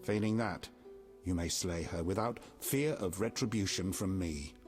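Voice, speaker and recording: An actor playing a stern middle-aged king who speaks in a commanding, measured and quietly menacing way. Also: sits low, faint music behind, lightly acted. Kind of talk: video game dialogue.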